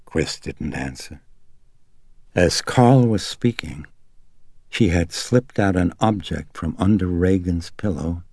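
A man reading a novel aloud as narrator in a steady, dramatic manner. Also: sits low, slightly rough, no room sound, clean studio sound. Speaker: audiobook narrator. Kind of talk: scripted narration.

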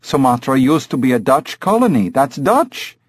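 A man's voice: mid-range voice, very animated, moderate pace, breathy edge, no echo, clean studio sound, voice pushed up. A man voicing a heavy-set, determined tourist who speaks insistently and accusingly in an audiobook reading.

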